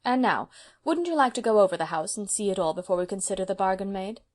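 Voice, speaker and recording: A woman voicing a proud, brisk spinster of seventy, speaking emphatically and sternly. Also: mid-range voice, a little mellow, natural voice.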